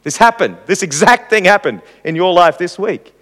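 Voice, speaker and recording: High-voiced man teaching in a hall. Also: normal speed. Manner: animated, acts out examples with rising pitch. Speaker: church teacher. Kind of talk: sermon-style teaching. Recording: long reverb in a hall.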